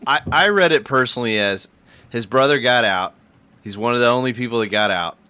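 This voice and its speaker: A man's voice: mid-range voice, a little fast, bright, forceful tone, clean tone. A man hosting a casual movie discussion, reading out his own notes in an easygoing way.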